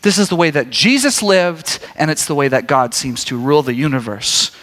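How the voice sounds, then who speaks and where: Male preacher with a bright, sharp tone, talking casually and joking with the crowd, recorded in a reverberant hall. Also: fairly high pitch, normal speed. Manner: conversational, animated, jokey asides. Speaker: pastor. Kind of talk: sermon.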